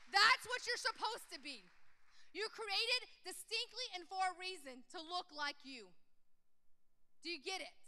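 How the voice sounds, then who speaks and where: A young adult woman giving a personal testimony talk at a conference, storytelling in an animated, self-mocking way. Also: very high-pitched. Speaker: conference speaker. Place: large conference hall. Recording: big hall with long reverb.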